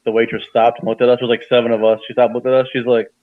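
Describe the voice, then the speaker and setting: A man's voice: medium pitch, rapid-fire, no room sound, phone-quality sound. A man from New York hosting a casual group chat, telling stories and laughing often. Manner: laughs often, animated storytelling. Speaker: host.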